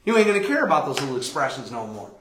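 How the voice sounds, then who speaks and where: A man pastor giving a conversational Bible study sermon, telling stories with animated quoted voices. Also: medium pitch, very fast, a little hiss or hum. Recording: echoey room.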